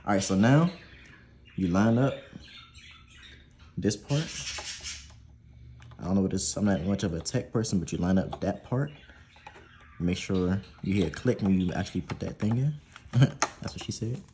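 A man's voice: low-pitched, expressive, normal speed, pauses often, mellow, roomy sound, slight background noise. A man hosting a gaming channel, chatting casually through an unboxing and install tutorial, laid-back and prone to swearing and laughing.

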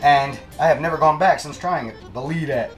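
A man's voice: fairly high pitch, fairly quick, faint music behind. A man demonstrating a recipe in a kitchen, chatty and plain-spoken, and he laughs easily. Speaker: guest cook. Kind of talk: casual cooking demonstration.

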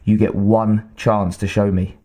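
A man playing a furious, battered colonel who speaks low, slow and threatening. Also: darkish tone, husky. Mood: cold. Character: furious battered male colonel, cold and menacing.

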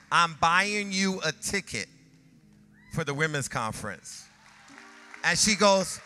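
A man who is a pastor, preaching a sermon in an animated way that rises to shouts. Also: fairly high pitch, slow pace, pauses often, big-room sound, soft background music, some chatter behind.

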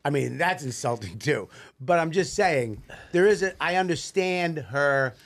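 A man's voice: a little high, lively intonation, unhurried. A man co-hosting a comedy podcast, talking in loose, profane banter and slipping into mocking voices.

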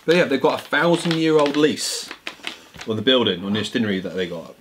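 A man's voice: medium pitch, big pitch swings, brisk. A young man from Britain co-hosts a casual snack tasting vlog. He teases and rambles through jokey stories, his voice bouncing up and down. Faint noise sits under the recording. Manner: jokey, teasing, rambling storyteller. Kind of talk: casual chat.

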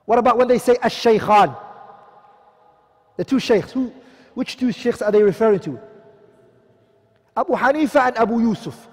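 A man's voice: very high-pitched, lively intonation, moderate pace, pauses often, slightly rough. A man giving a classroom lecture who asks his students questions, answers them himself and repeats each key term. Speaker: teacher. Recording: long hall reverb.

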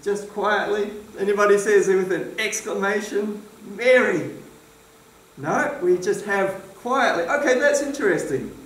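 A man's voice: high voice, normal speed, few pauses, a bit bright. A man preaching a sermon in a church hall, emphatic and questioning his congregation. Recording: roomy echo, distant mic.

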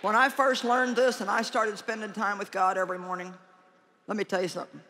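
A woman preaching a conference sermon in a large hall, animated and joking, and she calls out her key lines loudly. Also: medium pitch, brisk, a little hiss or hum.

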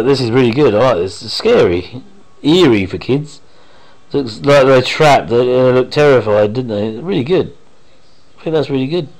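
A man's voice: mid-range voice, darkish tone, low-quality recording. Rambling, enthusiastic male fan commentator. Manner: rambling and enthusiastic, with trailing half-sentences. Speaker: fan commentator reacting to a TV episode. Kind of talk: casual watch-along commentary. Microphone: home microphone.

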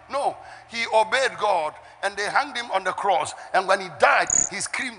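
A man's voice: sits high, animated, brisk, few pauses, slight background noise. Fervent preacher in his sixties, soaring voice. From Ghana. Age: 60s. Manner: fervent preaching that swings into shouts and sung phrases. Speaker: pastor. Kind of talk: sermon. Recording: echoey hall with faint music.

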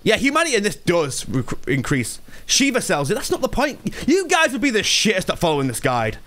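A young man chatting live while playing a game, ranting and swearing, alternating between low mumbles and loud outbursts. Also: wildly swooping pitch, fairly quick. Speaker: streamer. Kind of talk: casual live-stream chat.

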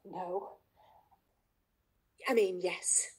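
A woman's voice: on the low side, fairly even intonation, drawn-out words. A woman playing a polite, hesitant casting director on a video call in a comedy sketch. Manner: polite, hesitant, many ums.

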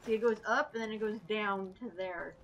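A woman's voice: medium pitch, fairly quick, fairly bright tone, lo-fi sound. A young woman watching her friend play a video game, giving directions and teasing, with frequent likes. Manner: directive, teasing, says like often. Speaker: co-host, watching and coaching. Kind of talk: let's-play banter.

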